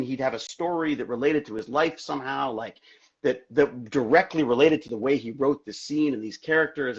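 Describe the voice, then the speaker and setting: A man guesting on an interview, telling stories in an animated, rambling way with many restarts, heard over a video call. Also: mid-range voice, husky. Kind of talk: casual interview chat. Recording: dull lo-fi social media livestream audio.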